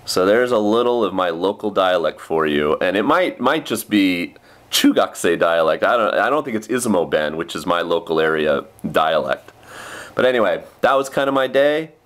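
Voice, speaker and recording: A man's voice: deep voice, lively intonation, normal speed, a bit bright. A young man teaching English in Japan, talking casually and ramblingly in a vlog, with lots of fillers. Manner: chatty, with many fillers and quoted kid voices.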